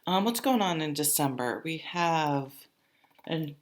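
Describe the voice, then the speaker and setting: A woman's voice: sits low, lively intonation, measured pace, slight background noise. A woman with a stuffy nose from a cold, giving a casual tarot reading and thinking aloud as she goes, with many fillers. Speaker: tarot reader.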